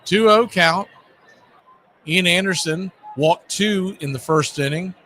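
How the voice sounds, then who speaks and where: Bright-voiced man calling baseball play-by-play. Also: sits high, takes it slowly, slight background noise. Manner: relaxed conversational calling with chatty asides. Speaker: play-by-play announcer. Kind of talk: live baseball play-by-play commentary.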